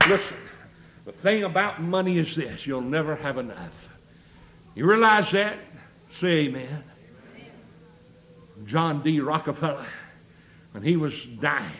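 A man preaching a sermon, building rhythmically into shouts with many amens and a habitual "uh" before phrases. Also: fairly high pitch, lively intonation, a little slow, long pauses.

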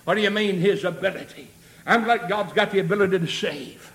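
In a high, brisk voice, a man preaches a sermon that builds rhythmically into shouts, packed with amens and a habitual "uh" before phrases.

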